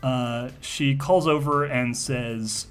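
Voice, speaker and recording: Man, game master, tabletop narration, halting, many fillers, middle pitch, faint background music. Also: steady tone, fairly bright tone, smooth. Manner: halting, full of fillers and restarts.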